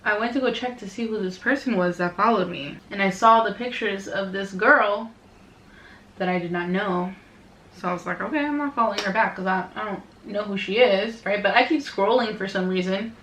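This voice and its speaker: A woman's voice: mid-range voice, normal speed, a bit bright, slight background noise. A young woman in a casual storytime vlog, chatty and dramatic, acting out both sides of the conversations she retells. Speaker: beauty vlogger. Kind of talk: casual storytime while doing makeup. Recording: echoey room.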